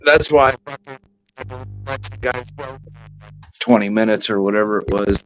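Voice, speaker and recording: A man's voice: mid-range voice, moderate pace, fairly bright tone, faint music behind, low-quality recording. A man calling in to a late-night stream over a choppy connection that makes him sound robotic, talking casually and swearing. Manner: profane, offhand. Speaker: caller on a live stream.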